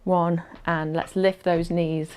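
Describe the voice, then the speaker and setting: A woman's voice: fairly low pitch, little pitch movement, slow pace, a little mellow, smooth. A woman instructing a fitness class, chatty and encouraging, counting down aloud and a little out of breath as she exercises along.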